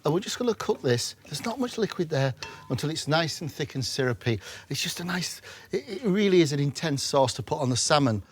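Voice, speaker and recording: A man's voice: fairly high pitch, big pitch swings, brisk, slightly rough. A man hosting a cooking show, chatting as he explains each step of a recipe. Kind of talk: cooking demonstration. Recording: faint background noise in a studio kitchen.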